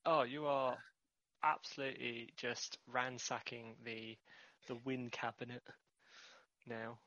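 A man's voice: mid-range voice, level tone, takes it slowly, sharp tone, no room sound, dull audio. A man co-hosting a podcast in casual chat, teasing and laughing often. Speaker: podcast co-host.

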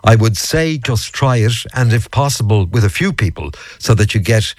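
A man's voice: on the low side, animated, moderate pace, no echo. A man hosting a morning radio chat show, chatty and jokey. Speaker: radio host. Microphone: studio microphone.

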